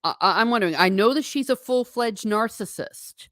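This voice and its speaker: Animated and a bit bright, this American host's voice sits on the high side as she chats at normal speed and reads her chat aloud with frequent laughs. The studio sound is clean, with no room sound.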